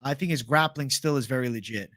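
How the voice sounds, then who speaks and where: A man's voice: medium pitch, fast, a bit bright, no echo, studio quality. Casual young man hosting a fight stream. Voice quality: casual, profane, reads chat aloud. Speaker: MMA livestream host. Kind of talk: casual livestream fight picks chat.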